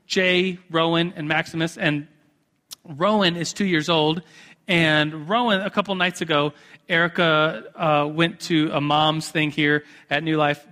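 A man's voice: on the high side, steady tone, measured pace, pushed and bright. A man, preaching a sermon in a casual, chatty way full of restarts. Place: church sanctuary. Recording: echoey hall.

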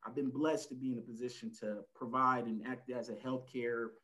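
A man talking as a podcast guest and caregiver, telling a family story in a relaxed conversational way, with lots of "you know" and acted-out lines from family members. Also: medium pitch, moderate pace, rough recording. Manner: frequent "you know" fillers. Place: lives in El Paso, Texas.

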